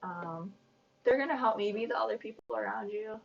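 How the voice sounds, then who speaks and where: Woman tarot reader, gravelly, rambling and chatty, recorded dull from a distance. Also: medium pitch, normal speed. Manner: rambling, chatty, self-conscious. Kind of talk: casual tarot reading.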